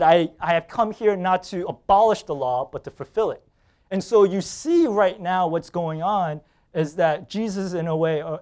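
A man preaching a sermon as pastor, telling a personal story with quoted dialogue and laughter, swinging between loud bursts and hushed lines. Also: high voice.

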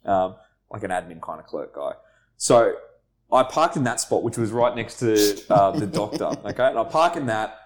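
Swearing podcast host. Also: male voice, lowish voice, moderate pace. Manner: animated, swears freely, acts out other people's lines. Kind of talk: casual storytelling chat.

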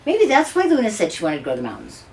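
A woman's voice: on the high side, racing, crowd noise. An older woman, a grandmother, telling a family story in casual chat and acting out the voices. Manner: animated, acts out voices in her stories.

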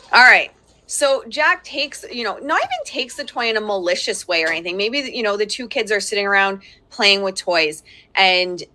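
A woman's voice: medium pitch, bright, forceful tone. A woman in her thirties giving a chatty live-streamed parenting talk from home, laughing often and breaking off to speak to her children. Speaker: parenting coach hosting a live workshop. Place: at home with young children around.

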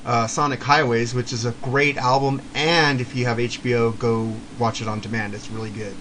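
A man's voice: mid-range voice, steady tone, moderate pace, fairly bright tone. Laid-back man with a noisy recording. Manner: laid-back, rambling, chuckles often. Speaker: podcast co-host. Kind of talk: casual chat about rock music.

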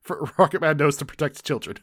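A man's voice: a little high, fast talker, fairly bright tone, no room sound, studio quality. A young man co-hosting a casual show recap, laughing often and restarting sentences as he goes. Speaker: podcast co-host.

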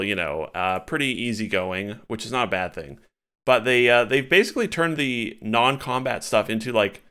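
A man's voice: medium pitch, fairly bright tone, clear, resonant tone. A man co-hosting a casual podcast chat, talking loosely and animatedly with many fillers and restarts. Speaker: podcast co-host.

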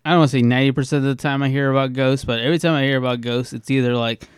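A man of middle pitch tells stories on a podcast with sarcastic, animated energy and plenty of swearing. His voice is clear and smooth, recorded close with no room sound. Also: rapid-fire, no echo. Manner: animated, sarcastic, profane storyteller. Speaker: podcast co-host. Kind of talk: casual chat.

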